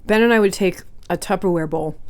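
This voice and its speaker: A woman's voice: lowish voice, a little fast. A woman food vlogger telling a casual storytime while eating, chatty and rambling, laughing now and then.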